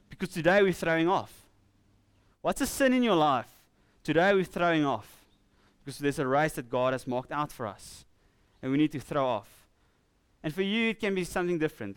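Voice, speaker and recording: A man with a South African accent preaching a sermon in church, earnest and conversational, slowing down to read scripture with emphasis. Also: fairly high pitch, clear, resonant tone, dry recording. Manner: earnest, with laughing asides and slow emphatic scripture reading.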